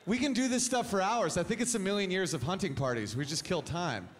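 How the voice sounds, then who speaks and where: Wry stand-up man with a raised pitch. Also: expressive, brisk, a little hiss or hum. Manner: crude, wry, breaks into chuckles. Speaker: stand-up comedian. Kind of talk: stand-up comedy set.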